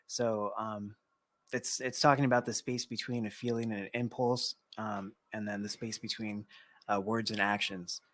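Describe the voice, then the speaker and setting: Soft-spoken hesitant man, lowish voice. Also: level tone, normal speed, dry recording. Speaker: guest. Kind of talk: reflective conversation.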